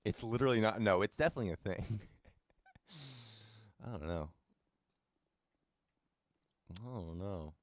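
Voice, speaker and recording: This laid-back young gamer chats on his live stream in a deep, low voice, naming people from the chat as he goes. His delivery is measured, with lively intonation and frequent pauses. Recorded close up, the sound is dry and echo-free.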